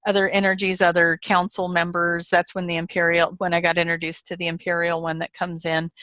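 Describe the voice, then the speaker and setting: A woman's voice: lowish voice, a bit bright, no room sound. A woman guest in an interview, telling a story casually, retelling quoted voices with animation and laughter.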